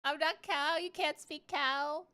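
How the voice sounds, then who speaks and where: A woman's voice: sits high, steady tone, measured pace, pushed and bright. Playful swearing woman streamer. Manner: chatty, playful, swears freely. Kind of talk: casual livestream chat.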